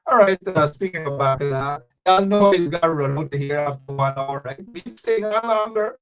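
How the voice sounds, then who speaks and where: A man's voice: fairly high pitch, normal speed, a bit bright, soft background music. A man hosting a live stream, talking straight to viewers in a preachy, repetitive way as he signs off. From Guyana. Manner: preachy, repeats phrases, addresses viewers directly. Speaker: show host. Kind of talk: casual live-stream sign-off.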